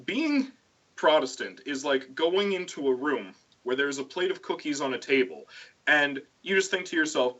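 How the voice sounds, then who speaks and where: Bright, animated man on a lo-fi stream. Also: normal speed. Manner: animated storyteller who swings into high put-on voices. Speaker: stream host. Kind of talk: casual chat.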